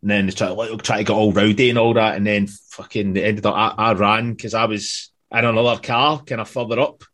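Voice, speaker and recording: A man's voice: on the low side, steady tone, brisk, few pauses, a bit bright. A man telling sweary, laughing stories in casual chat as a band member on a podcast. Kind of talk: casual storytelling.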